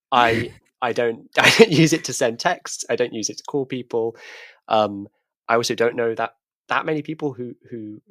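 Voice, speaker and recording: A man's voice: lowish voice, fairly bright tone, dry recording. A man co-hosting a tech podcast, talking thoughtfully and often restarting his words. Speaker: podcast co-host. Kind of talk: casual tech discussion.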